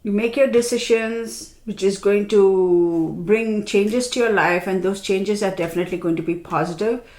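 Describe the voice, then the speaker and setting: A woman's voice: medium pitch, moderate pace, darkish tone, roomy sound. Tired, reassuring woman reading tarot. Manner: reassuring, chatty, many fillers. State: tired, congested from allergies. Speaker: tarot reader.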